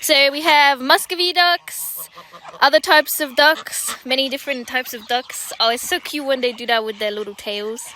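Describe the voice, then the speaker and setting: A woman's voice: moderate pace, pushed and bright. Young woman, British accent, casual vlog, chatty and cooing, outdoor farm noise behind. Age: young adult. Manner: chatty, coos at animals in a high sing-song voice. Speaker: vlogger. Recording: noisy outdoor audio with animal sounds.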